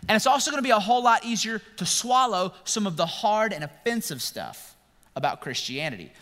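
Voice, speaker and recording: Male pastor, casual sermon delivery, crisp bright tone, echoing church hall. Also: high-pitched, brisk. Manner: conversational, playful, animated storytelling.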